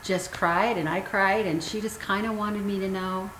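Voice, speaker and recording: Recorded in a roomy space with faint noise, a fifties-aged woman who is a guest author recounts her personal story in an earnest, emotional, candid way, with ums in her pauses. Her medium-pitched voice is steady and fairly bright.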